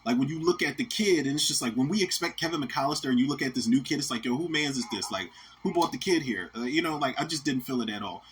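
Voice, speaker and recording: Casual guy in his 30s ranting about movies, mid-pitched, swears a lot, faint noise behind. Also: expressive, quick pace. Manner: rambling, profane, frequent "man". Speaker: podcast host.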